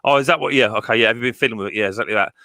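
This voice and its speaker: A man's voice: fairly low pitch, racing, pushed and bright, no echo. A man hosting a casual live stream, reading out chat and greeting viewers by name with chummy banter.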